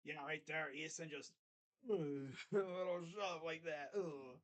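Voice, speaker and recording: A fan streamer calling a basketball game live, play-by-play style, mixing excited calls with sarcastic jokes and quiet mutters. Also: medium pitch, slow. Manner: joking, sarcastic asides. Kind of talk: casual live play-by-play reaction.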